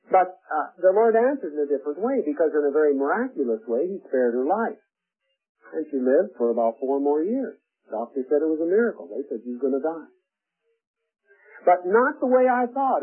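Older preacher over tinny radio. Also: male voice, fairly high pitch, breathy edge. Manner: earnest, personal storytelling with frequent "uh" pauses. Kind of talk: sermon. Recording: tinny phone-like radio broadcast.

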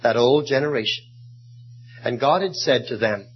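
A man preaching an evening sermon who reads scripture in a measured, archaic cadence and tells illustrative stories. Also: mid-range voice, slightly rough. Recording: muffled lo-fi recording.

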